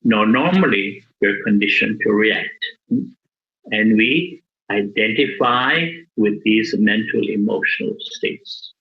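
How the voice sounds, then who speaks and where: A middle-aged man, a Buddhist monk, giving a dharma talk in a measured, deliberate way with pauses. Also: on the low side, expressive, creaky. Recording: dull lo-fi recording.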